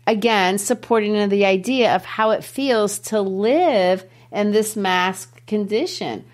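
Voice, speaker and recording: Animated woman teacher explaining a poem. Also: mid-range voice, slow pace. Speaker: literature teacher and podcast host. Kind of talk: explaining a poem in casual podcast talk.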